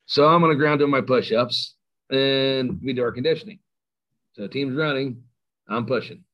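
A man's voice: mid-range voice, muffled recording. Man telling a rowdy coaching story. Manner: animated, self-mocking storyteller. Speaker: high school football coach. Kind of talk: storytelling in an interview.

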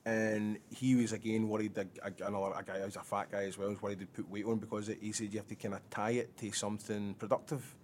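A man's voice: fairly low pitch, level tone, fast, hardly any pauses, darkish tone, slight background noise. A Scottish man telling a rambling, sweary story on a casual podcast, laughing often. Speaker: podcast co-host. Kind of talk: casual chat.

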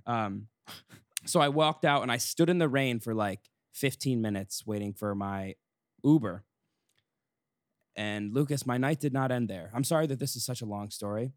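A young man tells a rambling story on a podcast, leaning on fillers and restarting his sentences as he goes. His pitch sits in an ordinary middle range, and the recording is dry and close, with no room sound. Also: moderate pace, no echo. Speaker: podcast co-host. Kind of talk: casual chat, storytelling.

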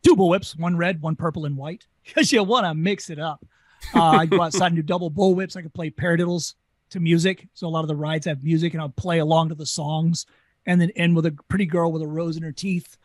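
A man with a Southern US accent, a former carnival talker telling stories in an interview, talking fast and animated. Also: a little high, dry recording. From Southern United States. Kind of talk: casual storytelling interview.

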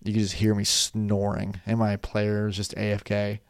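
A young man in his twenties rambles through a casual monologue, drifting off on tangents and yawning as he goes. His voice is low and gravelly, and it sits close and dry on the desk microphone with no room sound around it. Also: completely flat delivery, moderate pace, dry recording. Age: 20s. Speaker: vlogger.

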